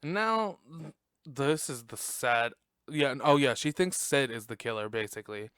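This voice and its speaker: A male podcast host chats casually while recapping a movie, swearing and laughing often. His mid-range voice is expressive, fairly bright and clean, at a moderate pace. He records at home on a close desk mic, and the sound is dry.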